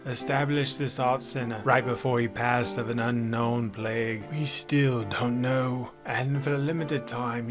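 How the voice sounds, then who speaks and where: Mock ad spot: a man doing a pompous heir with a grandiose sales pitch, mid-pitch voice, guitar music clearly behind. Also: lightly acted. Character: pompous male heir hawking an art center in a mock ad. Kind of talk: mock commercial.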